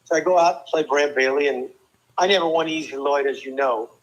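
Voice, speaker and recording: An older man from New Jersey, a former tennis player and guest, telling lively stories with quick asides and restarts. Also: on the high side, muffled recording. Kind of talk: casual storytelling interview.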